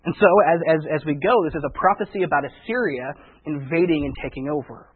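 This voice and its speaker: A man's voice: a little high, fast talker, husky. A man preaching a conversational sermon, often repeating words as he thinks it through. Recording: tinny phone-like radio broadcast.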